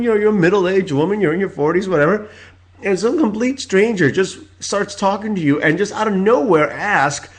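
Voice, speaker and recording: A man in his forties hosts his own podcast, telling stories in a rambling, casual rant packed with filler words and loud, exasperated outbursts. His voice sits high, and he's animated, speaking at normal speed.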